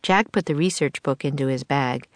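A woman narrating a children's storybook aloud in a measured, expressive way. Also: a bass voice, no echo. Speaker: audiobook narrator.

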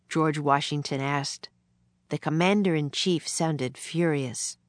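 A woman narrating a children's chapter book in a measured storytelling manner. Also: sits low, dry recording. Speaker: audiobook narrator. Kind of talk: scripted narration.

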